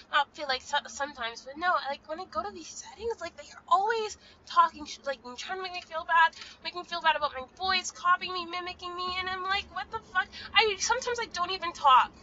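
High, bright young woman ranting. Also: highs cut off, a little hiss or hum. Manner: profane, ranting, frequent "like". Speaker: vlogger. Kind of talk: casual venting monologue.

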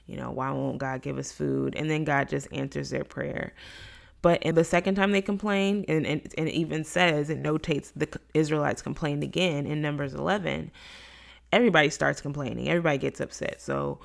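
A woman's voice: deep voice, a little fast, vocal fry. A woman giving a casual Bible lesson, talking conversationally and acting out the complaints she quotes. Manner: conversational, acts out quoted complaints in lively voices. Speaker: Bible study teacher.

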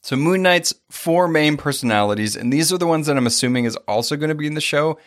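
A man co-hosting a podcast in casual chat, animated, often laughing, his pitch jumping high when excited. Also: fast. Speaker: podcast co-host.

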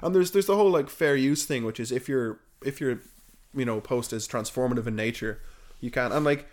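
A man's voice: medium pitch, fairly quick, darkish tone. A man co-hosting a casual podcast, telling stories animatedly and swearing freely. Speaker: podcast co-host.

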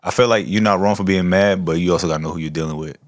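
A man's voice: low-pitched, rapid-fire, dry recording, studio quality. A young man in casual chat who laughs along and teases.

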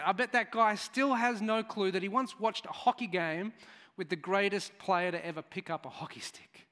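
A man's voice: sits high, normal speed, pushed and bright. A man preaching a sermon, chatty and storytelling, with asides to the congregation. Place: church hall. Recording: church hall reverb.

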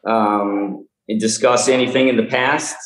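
A man with a Boston accent, a film set artist talking as a guest in a casual interview, halting and joking with many ums and restarts. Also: lowish voice, steady tone, a bit bright. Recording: roomy echo.

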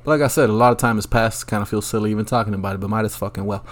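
A man's voice: fairly low pitch, fairly even intonation, very fast. A man hosting a solo podcast, rambling through a profane, crude rant with lots of ums and asides. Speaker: podcast host.

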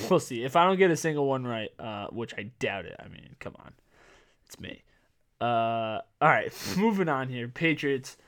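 A young man hosts his own sports podcast, talking loosely and rambling. He fills his talk with "like" and "um" and restarts his sentences often. His voice sounds slightly hoarse from talking. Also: mid-range voice. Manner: rambling, filler-heavy, self-correcting. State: voice going hoarse. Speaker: podcast host. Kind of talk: casual sports podcast chat.

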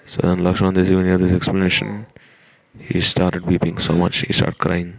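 A man recounts a devotional tale in a slow, halting manner, often restarting his sentences. His voice sits low with a gravelly edge, and he talks with little rise and fall. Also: monotone. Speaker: storyteller. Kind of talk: devotional story talk.

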